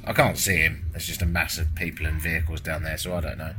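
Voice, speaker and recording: A man's voice: a bass voice, flat delivery, fast, hardly any pauses, background noise. A British man vlogging from a hotel room after a sleepless night, jet-lagged, wry and self-deprecating, swearing casually. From Britain. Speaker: travel vlogger. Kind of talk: casual travel vlog monologue. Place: hotel room with windows closed.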